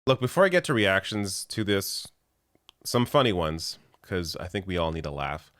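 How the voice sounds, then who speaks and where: A man's voice: sits low, big pitch swings, normal speed, fairly bright tone, dry recording, clean studio sound. A man hosting a political commentary show, talking in an exasperated, sarcastic way about the news. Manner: exasperated, sarcastic, laughing now and then.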